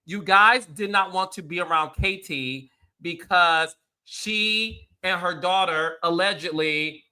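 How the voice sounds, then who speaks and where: A man's voice: a little high, pushed and bright. A male host giving casual reality TV commentary, blunt and sarcastic, swearing freely as he calls out cast members.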